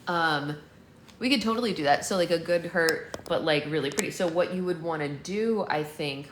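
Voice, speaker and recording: A young woman with a low voice chats casually with her livestream viewers, answering their comments as they come in. She talks in a rambling, playful way and teases herself with mock boasts. A faint hiss sits under her voice. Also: normal speed, roomy sound. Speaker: livestream host.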